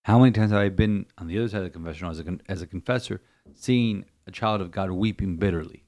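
A priest speaks in a low, darkish voice at a quick pace, offering a homily-style scripture reflection for a podcast. He is emphatic and repetitive, stumbling and restarting his sentences often.

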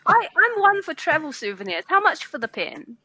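A woman's voice: high voice, sing-song, normal speed, bright, forceful tone, slight background noise, low-quality recording. A woman playing a character in a tabletop game, polite and firm, often stammering as she starts a sentence. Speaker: player.

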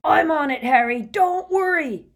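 A woman reading an audiobook, voicing a huge, loyal half-giant man in bellowing, drawn-out shouts, pitched well above her own voice. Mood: urgent bellow.

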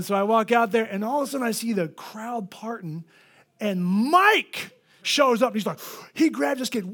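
A man preaching a sermon as pastor, telling a story and acting out the people in it with lively energy. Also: extremely high pitch, normal speed. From Florida. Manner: animated, acts out the people in his stories.

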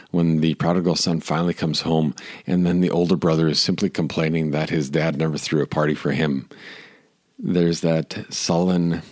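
A man's voice: deep voice, darkish tone, no echo, studio quality. A man reading scripture aloud and then preaching on it, often chuckling and asking rhetorical questions.

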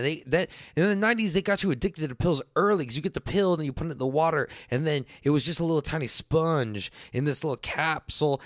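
Animated, profane young man ranting. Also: high-pitched, no echo, clean studio sound. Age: late 20s to early 30s. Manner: profane, animated, swings between shouting and muttering. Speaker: comedian. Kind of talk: stand-up style rant.

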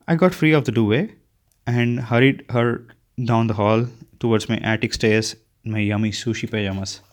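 A man's voice: mid-range voice, steady tone, normal speed. A man reading a first-person novel aloud, unpolished, often stumbling and restarting words. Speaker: audiobook reader.

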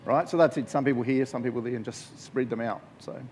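A man's voice: medium pitch, quick pace, a little hiss or hum. A man giving a casual, jokey Bible talk to a group as a youth preacher. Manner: jokey, conversational, animated storytelling.

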